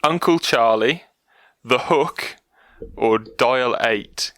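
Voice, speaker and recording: A man's voice: medium pitch, drawn-out words, a bit bright, no echo. A man co-hosting a podcast, reading out quiz questions in casual chat, jokey and laughing often.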